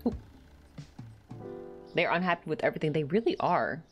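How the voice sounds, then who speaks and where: A woman with a deep, low-pitched voice chats casually at home while she plays a game. She rambles and leans on "like" constantly, and she gets worked up whenever a pet peeve comes up. Soft music plays faintly behind her. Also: very animated, normal speed. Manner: rambling, heavy use of "like"; gets heated when annoyed. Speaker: streamer. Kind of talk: casual chat while gaming.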